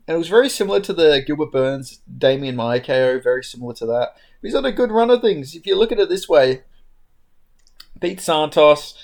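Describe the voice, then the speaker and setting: A man hosting a casual, unscripted fight recap, talking frankly in a loose, rambling way with plenty of fillers. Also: on the high side. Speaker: MMA fight recap host.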